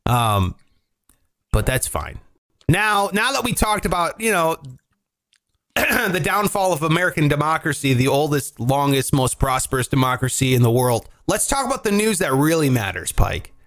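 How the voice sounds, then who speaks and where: A man hosting a comedy podcast, telling odd news stories in a joking, animated way and often laughing. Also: on the high side, normal speed. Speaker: podcast host. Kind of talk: casual comedic news chat.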